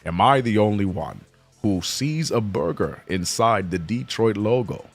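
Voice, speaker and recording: A man doing a deep solemn narrator. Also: expressive, unhurried, faint music behind. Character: deep calm older male narrator impression.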